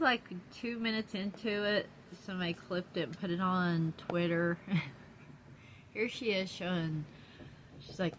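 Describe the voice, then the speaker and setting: A woman's voice: medium pitch, unhurried, a little hiss or hum. A woman chatting in a casual vlog from her apartment, blunt and profane, laughing often. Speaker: YouTube vlogger. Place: downstairs apartment.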